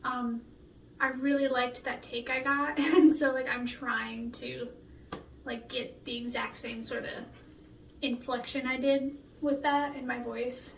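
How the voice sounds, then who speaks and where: A young woman, a singer-songwriter, chatting excitedly and rambling with lots of filler words during a vocal recording session vlog. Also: high voice, measured pace, vocal fry, a little hiss or hum. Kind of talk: behind-the-scenes vlog commentary. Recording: echoey room heard from a distance.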